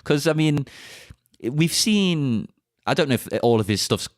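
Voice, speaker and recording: Lively man on a dry podcast mic. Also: a little high, measured pace, no echo. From United Kingdom. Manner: animated, laughs often. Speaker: podcast co-host. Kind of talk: casual film podcast chat.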